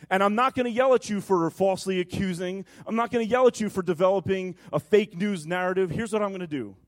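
High-voiced, emphatic male pastor. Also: quick pace. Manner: emphatic preaching, swings from loud to hushed. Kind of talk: Easter sermon.

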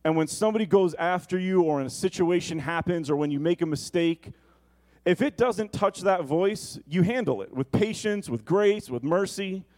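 A male pastor preaching an earnest, personal sermon in a church, slowing down for emphasis and rushing through asides. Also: high-pitched, a little mellow. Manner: earnest and personal, shifting between slow emphasis and quick asides. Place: church sanctuary.

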